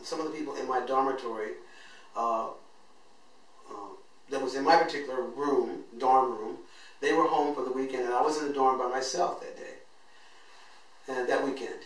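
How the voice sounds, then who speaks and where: A man with a mid-range, slightly bright voice earnestly tells his own life story as host, acting out what he said back then with real emotion. It's a personal storytelling monologue, recorded from a distance in an echoey room.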